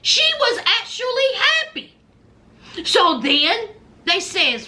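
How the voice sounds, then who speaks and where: High, lively woman with sassy commentary. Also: takes it slowly. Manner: sassy, animated, laughing. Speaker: reaction vlogger. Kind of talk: casual reality-show commentary.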